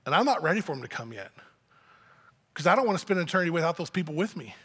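A man's voice: fairly high pitch, sing-song, racing, a bit bright, husky, in a large hall. A man preaching a sermon as pastor, talking in a conversational way and acting out little family dialogues. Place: church sanctuary.

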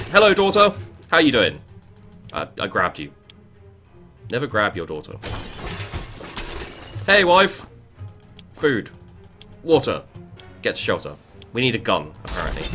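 Lively, bright-voiced male gamer, swearing. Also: lowish voice. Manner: swears a lot, yells and chants in excitement. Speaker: gaming video creator. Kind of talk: let's play commentary.

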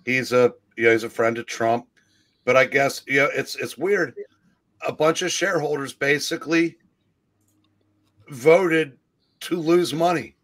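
A man co-hosting a casual chat, halting and repeating words as he thinks. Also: mid-range voice, a bit bright.

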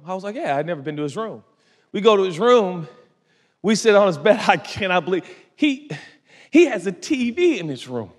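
A middle-aged man preaching a sermon, telling a story with lively acted-out voices. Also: high voice, moderate pace. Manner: animated storytelling, acting out quoted voices. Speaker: pastor. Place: large church hall. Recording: long reverb of a large hall.

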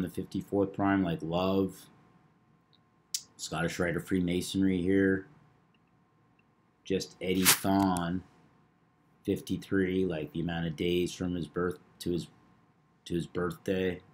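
Slow, low-voiced man reciting numbers. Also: level tone, darkish tone. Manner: reads out numbers in a measured, knowing tone. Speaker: numerology video host. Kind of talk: casual monologue.

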